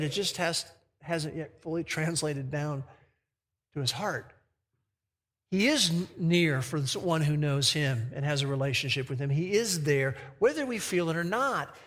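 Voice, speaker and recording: A man preaching a sermon who reads scripture slowly and with emphasis. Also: a little high, a bit bright, long reverb tail. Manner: slow, emphatic verse reading.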